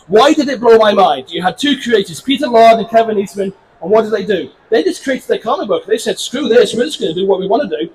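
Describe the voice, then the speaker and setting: English man, 50s, high voice, chatty and self-deprecating, convention panel talk with faint room hum. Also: darkish tone, low-quality recording. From England. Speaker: comic book creator presenting a convention panel. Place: panel room at a convention before a small audience.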